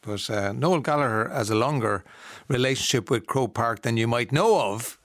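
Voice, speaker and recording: A man's voice: medium pitch, normal speed, a bit bright, no room sound, clean studio sound. A man hosting a radio show, chatting casually and asking friendly questions with plenty of fillers.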